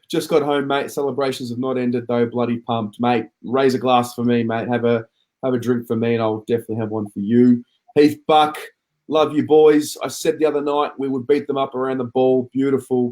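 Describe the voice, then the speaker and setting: A man's voice: mid-range voice, fairly even intonation, normal speed, darkish tone. Chatty man reading comments. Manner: chatty, reads viewer comments aloud. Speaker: podcast host reading comments. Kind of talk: casual footy chat.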